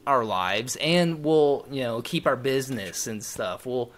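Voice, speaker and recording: A young man co-hosting a podcast speaks at a measured pace in a mid-range, fairly bright voice. His casual chat is loose and rambling, full of asides.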